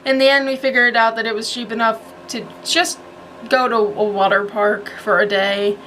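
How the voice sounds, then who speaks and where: A woman's voice: on the high side, fairly even intonation, normal speed, fairly bright tone, slight background noise. A young woman chatting casually in a home vlog, rambling and laughing now and then as she talks to a handheld camera. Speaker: vlogger.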